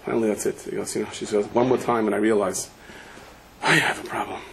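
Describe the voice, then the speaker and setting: Speaking fast in a steady, gravelly, slightly bright voice, a middle-aged rabbi gives a funny, anecdote-filled sermon. He uses Yiddish and Hebrew terms and his pitch shoots up when quoting others. The recording is rough.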